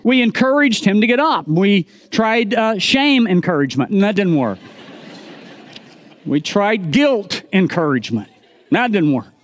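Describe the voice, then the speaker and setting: A man's voice: sits high, very animated, a little slow, dry recording. A middle-aged man preaching a sermon as pastor, telling a humorous story and turning it into an earnest point.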